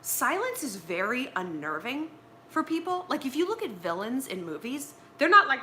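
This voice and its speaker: A woman's voice: high-pitched, very animated, normal speed, bright, forceful tone, slight background noise. A woman from Los Angeles hosting a casual advice livestream from home, blunt and swearing freely. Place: at home with pillows and tea.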